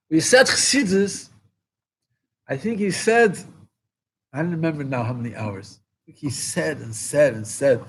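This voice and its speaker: A rabbi speaking at a farbrengen, impassioned, repeating phrases for emphasis and rising to exclamations. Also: male voice, a little high, animated, normal speed, breathy edge. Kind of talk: farbrengen talk.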